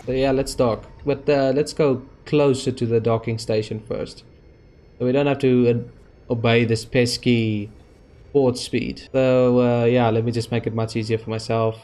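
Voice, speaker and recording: A man's voice: medium pitch, little pitch movement, unhurried, mellow. A man giving rambling let's-play commentary over a space game, with many fillers and restarts. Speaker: gaming YouTuber.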